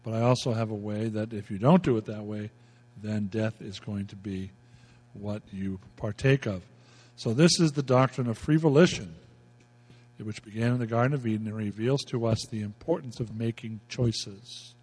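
A man's voice: fairly low pitch, normal speed, darkish tone, husky, big-room sound. A male pastor preaching a folksy, emphatic sermon, repeating himself as he explains scripture.

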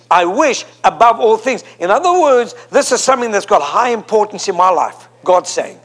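Man preaching, very high voice, emphatic, repeats phrases, call and response with congregation. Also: lively intonation, normal speed. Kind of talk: sermon. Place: church before a congregation.

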